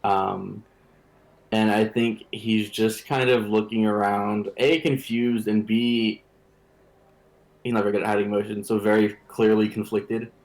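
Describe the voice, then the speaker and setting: A man's voice: on the low side, level tone, unhurried, darkish tone, low-quality recording. A man playing a tabletop game, describing his character's actions hesitantly with fillers and restarts. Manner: hesitant, thinking aloud. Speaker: player. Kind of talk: tabletop role-play.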